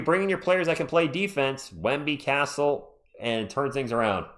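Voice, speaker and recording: Man, fan play-by-play caller, home mic, excitable, chatty, mid-pitched. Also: normal speed, few pauses. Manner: excitable, chatty, jumps between game calls and asides to chat. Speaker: livestream play-by-play commentator. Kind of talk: live fan play-by-play commentary. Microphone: own microphone.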